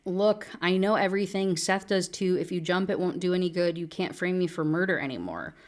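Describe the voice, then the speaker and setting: A woman's voice: lowish voice, expressive, a little fast, lightly acted. A woman reading the lines of a defensive, remorseful young woman from a thriller, in an earnest tone.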